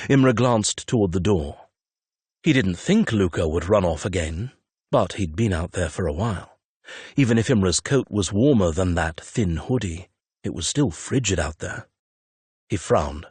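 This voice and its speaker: Male audiobook narrator; measured, low, a little husky, dry close read. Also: lively intonation, a little mellow, no echo. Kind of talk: scripted narration.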